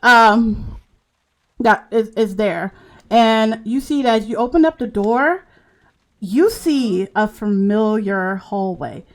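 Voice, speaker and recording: Slow, halting woman narrating as game master. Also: a little high. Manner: slow, halting narration with many fillers and restarts.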